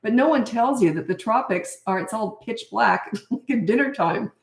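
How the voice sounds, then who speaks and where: A woman's voice: on the high side, expressive, moderate pace, creaky, echoey room. An older woman and parenting coach from Canada, chatting casually and bluntly in a live Q&A, laughing often and losing her thread.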